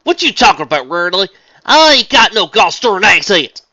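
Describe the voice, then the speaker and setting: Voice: medium pitch, big pitch swings, fairly quick, bright, forceful tone, dry recording, pitched above the performer's own voice. A reader voicing a stubborn, plainspoken country farm pony mare with a folksy drawl, on a dull lo-fi recording. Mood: indignant. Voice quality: folksy southern-style drawl.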